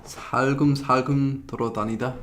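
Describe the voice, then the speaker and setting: A man's voice: medium pitch, steady tone, very fast, a bit bright, a little hiss or hum. A British man giving a casual language lesson, chatty and self-deprecating, often restarting his sentences as he searches for the right words. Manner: laughs at himself. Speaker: English teacher. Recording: roomy echo.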